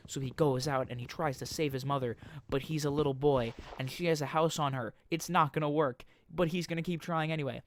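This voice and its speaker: Rambling young man telling a story while gaming. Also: mid-range voice. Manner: rambling, joking storytelling with quick mock voices. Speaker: gaming YouTuber. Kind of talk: casual game commentary.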